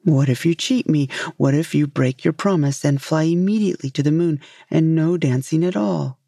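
A woman doing a gruff, stubborn old-world fisherman. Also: low-pitched, moderate pace, mellow, no echo, clean studio sound. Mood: relenting. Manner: blunt, teasing. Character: gruff stubborn middle-aged male fisherman.

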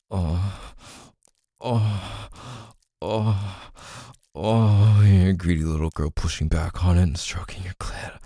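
Deep gravelly man, hushed intimate role-play. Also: slow, no room sound. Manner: murmured, often whispered, with frequent moans and groans. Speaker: audio role-play performer.

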